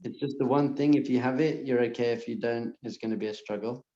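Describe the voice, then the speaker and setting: An earnest man teaches a live class in a mellow, warm voice. His words carry the echo of the room, and the recording sounds a bit dull and lo-fi. He often repeats a phrase gently and softly. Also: mid-range voice, quick pace, a little hiss or hum. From lives in Israel. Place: lecture room with audience.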